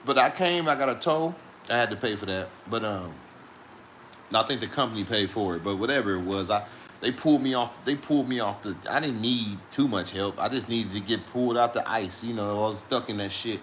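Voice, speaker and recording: A man's voice: lowish voice, fairly quick, fairly bright tone, a little hiss or hum. A man who drives trucks, telling a rambling story in casual talk, swearing often and laughing between lines.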